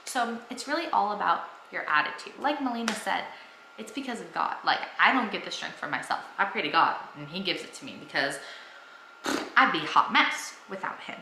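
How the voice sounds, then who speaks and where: A woman's voice: mid-range voice, lively intonation, a little fast, gravelly, bright, forceful tone, roomy sound, a little hiss or hum, rough recording. A young woman vlogging at home, talking earnestly and enthusiastically about her faith to the camera. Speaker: family vlogger. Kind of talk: casual faith talk to camera.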